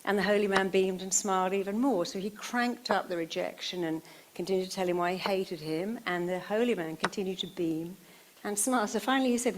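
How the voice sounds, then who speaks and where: Lively woman telling stories on stage. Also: medium pitch, brisk, slight background noise. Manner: animated storyteller, puts on quoted voices. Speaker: speaker giving a talk on stage. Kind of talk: motivational stage talk with acted-out anecdotes. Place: stage before a live audience.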